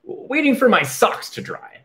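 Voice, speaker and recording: A man voicing a shy young male cat from a children's storybook, who sounds glum and quietly defensive. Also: extremely high pitch, wildly swooping pitch, measured pace, voice pushed up, heavily acted. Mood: fibbing.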